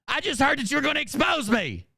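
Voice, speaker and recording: A man's voice: extremely high pitch, sing-song, a little fast, vocal fry, pushed and bright, no room sound, clean studio sound, pitched above the performer's own voice, heavily acted. A man mimicking a panicky, whiny woman who fires off stammering questions. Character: panicky, whiny adult woman being mocked.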